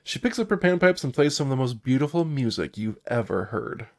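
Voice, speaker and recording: Chatty man with a gravelly voice. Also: medium pitch, sing-song, brisk. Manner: chatty, reads game cards aloud, laughs at himself. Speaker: solo game player and narrator. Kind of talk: casual live-stream play-through.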